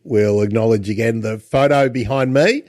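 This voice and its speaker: Man, podcast host, chatty, restarts sentences, mid pitch, dry close-miked sound. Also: normal speed, a little mellow, no room sound. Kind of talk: casual interview chat.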